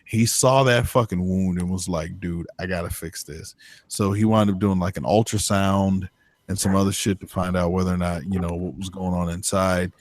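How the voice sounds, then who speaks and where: A man with a low voice tells a story on a podcast, rambling along and swearing freely. His voice sits close and dry, with no room sound. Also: little pitch movement, moderate pace, no room sound. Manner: rambling, profane, filler-heavy. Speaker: podcast co-host. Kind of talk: casual storytelling chat.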